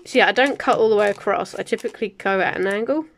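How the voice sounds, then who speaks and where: Brief: chatty woman host, mid-pitched voice, casual craft-table chat, mutters numbers as she works. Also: fast, a little hiss or hum. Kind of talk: casual chat while kitting up a diamond painting.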